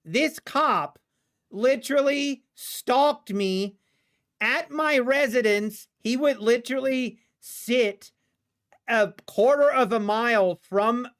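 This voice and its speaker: A man hosting a live trading stream, telling a rambling personal anecdote in a casual, animated way with frequent restarts. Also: extremely high pitch, takes it slowly. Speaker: livestream day-trading host.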